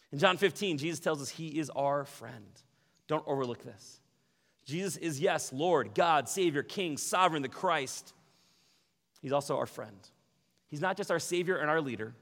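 Male pastor, sermon, animated delivery, slightly high voice, long hall reverb. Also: creaky. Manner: animated, acts out quoted voices.

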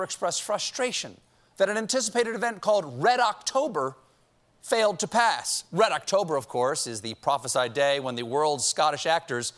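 A man's voice: on the high side, expressive, moderate pace, a bit bright, some chatter behind. A man hosting a late-night show, delivering a comedic monologue with punchy jokes and sarcastic asides. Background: studio audience laughing.

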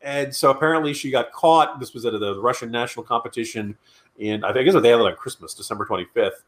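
A man's voice: medium pitch, quick pace. A man co-hosting a political podcast, talking in a sarcastic, ranting way. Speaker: podcast co-host. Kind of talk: casual political chat.

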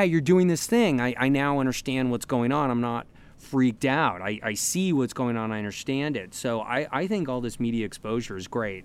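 Rambling man with a smooth voice. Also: mid-range voice. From United States. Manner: rambling, many restarts and fillers. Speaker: podcast guest, larper. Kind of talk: casual podcast chat.

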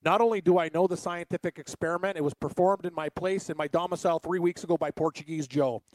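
A man co-hosting a sports radio show, trading jokes and getting loud when he argues. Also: fairly high pitch, fairly even intonation, quick pace, dry recording. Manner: boisterous, jokey, gets loud when arguing. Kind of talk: casual sports radio banter.

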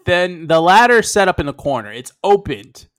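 A man's voice: high-pitched, sing-song, normal speed, a bit bright, dry recording. A man co-hosting a podcast, casually recapping a match in a joking, laid-back way. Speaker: podcast co-host.

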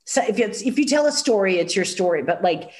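A woman with a nasal Chicago accent, chatting as a guest and telling animated stories full of acted-out quotes. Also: medium pitch, a little fast. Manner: animated storyteller, acts out quotes, many fillers. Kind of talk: casual chat.

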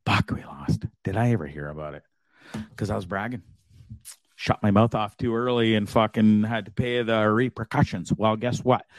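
Man, canadian-born show host, foul-mouthed rant, loud outbursts, dry close mic. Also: medium pitch, dry recording. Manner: profane, blustery, swings into shouted outbursts. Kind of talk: ranting live show monologue.

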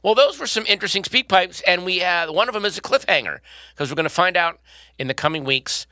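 A man's voice: sits high, lively intonation, fast talker, sharp tone, dry recording. A man co-hosting a podcast in casual, playful, rambling chat. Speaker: podcast co-host.

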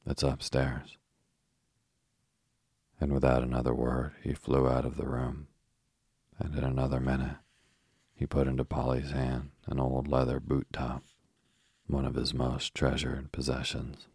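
A man narrating a storybook in a steady, measured reading. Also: rumbling low, husky, no echo, clean studio sound. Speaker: audiobook narrator.

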